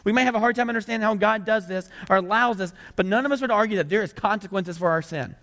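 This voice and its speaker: A man's voice: sits high, quick pace, fairly bright tone, in a large hall. A male pastor preaching a sermon in a church, conversational and full of rhetorical questions. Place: church sanctuary.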